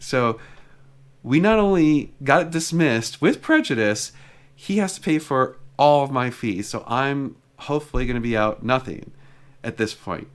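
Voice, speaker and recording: A man's voice: medium pitch, expressive, moderate pace, fairly bright tone. Chatty man retelling a story. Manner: chatty, retells exchanges with lots of "like" fillers. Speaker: car vlogger. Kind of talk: casual storytelling.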